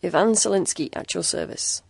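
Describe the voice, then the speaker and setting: A woman voicing a sinister, gaunt older man who talks in a hoarse, slow, falsely courteous voice. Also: darkish tone, no echo. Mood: oily. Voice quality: hoarse, booming.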